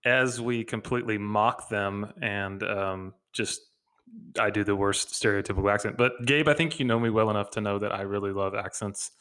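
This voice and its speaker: A man co-hosts a podcast in easy, upbeat conversation, leaning on plenty of fillers. His voice sits a little low. He is heard over a video call on a podcast mic. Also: normal speed, bright, forceful tone, clear, resonant tone. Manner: chatty, upbeat, many fillers. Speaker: podcast co-host. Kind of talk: casual podcast chat.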